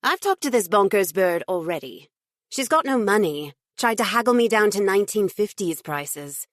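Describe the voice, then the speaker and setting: A woman voicing a smooth, predatory agency witch with a silken British accent and a simpering manner. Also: medium pitch, expressive, moderate pace, no echo, studio quality, lightly acted. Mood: brisk. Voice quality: silken-voiced. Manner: simpering, sugary.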